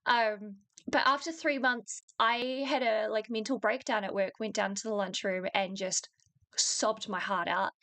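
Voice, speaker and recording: On a podcast, a young New Zealand woman in her twenties tells a long personal story in a casual, animated way. Her mid-range voice stays unhurried as she swears freely and laughs between lines; she's one of the co-hosts.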